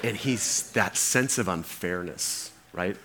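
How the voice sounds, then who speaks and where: A man's voice: low-pitched, takes it slowly, noisy background. A male pastor preaching a sermon, telling the story with animation and acting out its characters.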